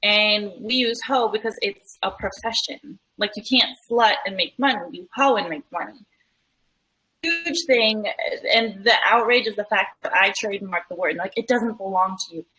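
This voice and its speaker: A woman's voice: mid-range voice, moderate pace, pushed and bright, rough recording. A woman podcast guest speaking bluntly and with strong opinions in casual chat.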